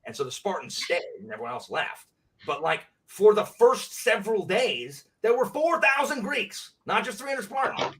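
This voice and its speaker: A man hosting a livestream, talking in a heated, animated rant full of slang in casual chat. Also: high-pitched, moderate pace, slight background noise. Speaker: livestream host. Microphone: clip-on mic. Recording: distant from the mic.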